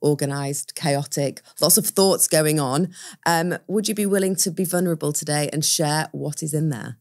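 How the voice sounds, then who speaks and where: Woman host asking questions, low voice. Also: normal speed. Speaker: podcast host. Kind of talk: interview questions.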